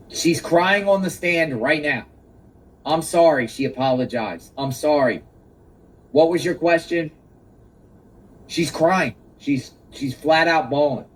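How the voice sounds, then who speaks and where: Slow, emphatic man outdoors. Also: a little high, a bit bright, distant mic, poor audio. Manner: emphatic, exclaiming, repeats key points. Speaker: commentator. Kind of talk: live reaction commentary.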